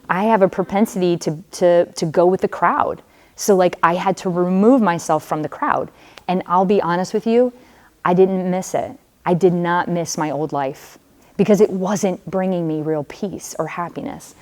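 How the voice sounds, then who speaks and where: With a fairly low-pitched, darkish voice, a woman who is a religious sister shares her personal story with students. She addresses them directly, telling it conversationally and dropping in casual fillers.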